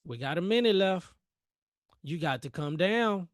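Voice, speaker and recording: Young guy running a trading livestream, bit high voice, dry close sound, hyped n joking w chat. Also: expressive, a little slow, no echo. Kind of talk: live trading commentary.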